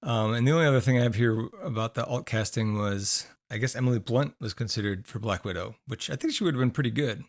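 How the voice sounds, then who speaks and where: A man's voice: medium pitch, quick pace, few pauses. A man co-hosting a podcast in casual chat, rambling with fillers while losing his voice. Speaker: podcast co-host.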